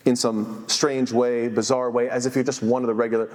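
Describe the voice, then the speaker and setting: A man's voice: medium pitch, a little fast, darkish tone, long reverb tail. A man giving an earnest sermon as imam, quoting scholars in Arabic and then translating. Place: masjid.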